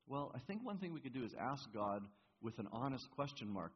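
A man's voice: medium pitch, big pitch swings, a little fast, hardly any pauses, husky. A man preaching a sermon as pastor in a church, earnest and given to stammering, repeating words as he presses his point. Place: church hall. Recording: reverberant, muffled hall recording.

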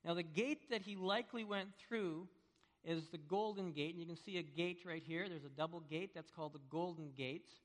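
High-voiced man preaching in a big echoing hall. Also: normal speed. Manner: animated storytelling, swings between hushed and loud. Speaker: pastor. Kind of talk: sermon. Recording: long reverb of a large hall.

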